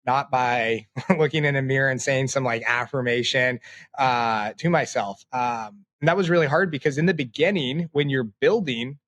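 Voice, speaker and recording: A man in his late twenties, a podcast guest, talking in a reflective, halting way with many fillers. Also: mid-range voice, a bit bright, dry recording. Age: 20s. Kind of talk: casual interview talk.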